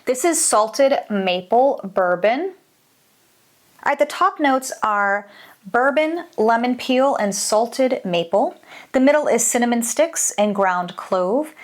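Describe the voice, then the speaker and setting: An adult woman who makes candles gives a casual, enthusiastic product review, exclaiming often. Her voice is a little high.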